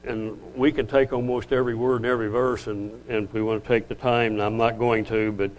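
An older man giving a conversational Bible-teaching sermon, often restarting sentences and slowing down to read scripture. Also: mid-range voice, level tone, a little hiss or hum, poor audio. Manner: rambling, self-correcting, conversational; slows down to read scripture aloud. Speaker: lay preacher.

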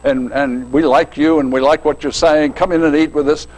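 A man's voice: on the high side, fairly even intonation, moderate pace, a little mellow, lightly acted, poor audio. A man voicing two grieving male disciples who groan and lament in a woeful tone. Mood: pleading.

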